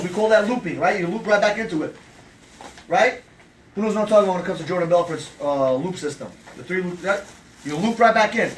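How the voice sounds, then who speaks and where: A man's voice: high-pitched, fairly bright tone, slight background noise. A man leading a sales training for a group, brash and emphatic, acting out what customers say. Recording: echoey room, mic far off.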